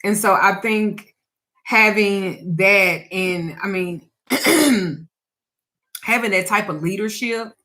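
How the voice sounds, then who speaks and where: A woman's voice: mid-range voice, takes it slowly, pauses often, bright, forceful tone. A woman who teaches spiritual practice and does readings, telling a personal story in casual, candid talk. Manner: candid and reflective, trails off with restarts.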